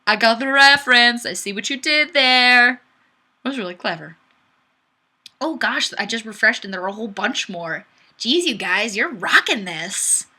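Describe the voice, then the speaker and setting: A woman's voice: on the high side, animated, moderate pace, bright, forceful tone. A young woman hosting a webcam livestream, giggly and playful as she reads viewer comments aloud in casual chat. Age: young adult. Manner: bubbly, giggly, playfully self-deprecating. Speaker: livestream host. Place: home room on webcam. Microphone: webcam mic.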